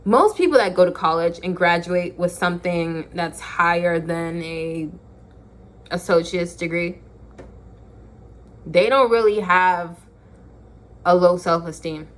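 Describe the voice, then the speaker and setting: A young woman vlogs to her phone camera, hammering home her points with preachy emphasis and deliberate repetition. She speaks slowly in a lowish voice, leaving long pauses.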